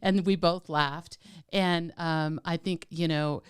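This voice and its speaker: A woman's voice: fairly low pitch, steady tone, slow, smooth. A woman co-hosting a podcast in casual chat, chatty and teasing, with plenty of "like" and "um". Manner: chatty, warm-hearted, teasing, lots of "like" and "um". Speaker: podcast co-host.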